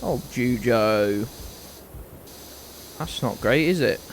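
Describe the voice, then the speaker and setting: A man's voice: medium pitch, lively intonation, slow pace, a little hiss or hum. Chatty young man streaming a game. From United Kingdom. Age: 20s. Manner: rambling, chatty, greets viewers by name, swears casually. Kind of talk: casual live-stream chat.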